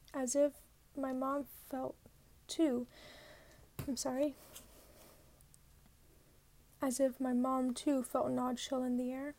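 A woman's voice: high-pitched, creaky, dark tone. A woman narrating a novel in the first person as an amateur reader, stumbling and correcting herself now and then. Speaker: audiobook reader.

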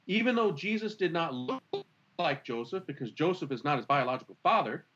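An earnest, expressive man talks through his ideas in a conversation, leaning on rhetorical questions. His voice sits a little high and swings widely in pitch. The recording is slightly muffled and lo-fi. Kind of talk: animated conversational teaching.

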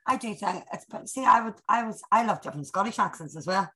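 A woman's voice: medium pitch, lively intonation, fast, a loud crowd, low-quality recording. A woman with a Northern Irish accent, a guest telling chatty anecdotes in casual conversation. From Northern Ireland. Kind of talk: casual chat.

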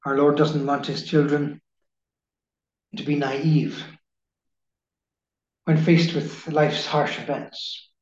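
A man giving a slow, measured spiritual reading in the manner of a preacher. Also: on the high side, steady tone, darkish tone. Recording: echoey room, dull lo-fi sound.

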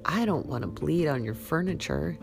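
A hurt teenage boy, quiet and defeated but trying to stay polite, as a woman voices him in a read-aloud story. His low voice has a gravelly edge. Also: expressive, normal speed, over music. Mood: glum, polite.

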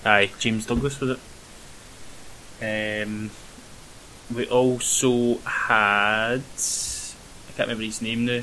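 A young Scottish man chatting casually about a film as a podcast co-host, rambling with many pauses and ums. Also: on the low side, level tone, pushed and bright, low-quality recording. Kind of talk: casual film review chat. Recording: faint hiss.

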